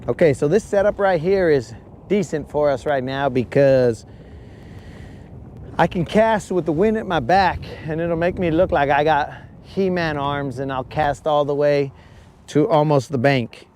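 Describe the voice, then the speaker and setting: A man's voice: on the high side, measured pace, a little mellow, slight background noise. A man hosting a live fishing stream from a boat on a lake. He talks in a casual, joking way and keeps calling his viewers bros. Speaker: fishing livestream host.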